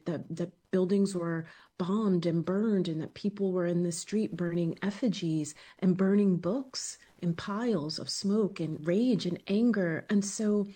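Soft-toned woman, reflective interview guest. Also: mid-range voice, slightly rough. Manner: thoughtful, halting, with restarts.

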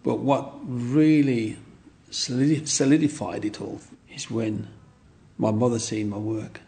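Gravelly older man reminiscing. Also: medium pitch, steady tone, unhurried, dark tone. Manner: rambling, repeats himself, "you know what I mean". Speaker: interviewee. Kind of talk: reminiscing storytelling.

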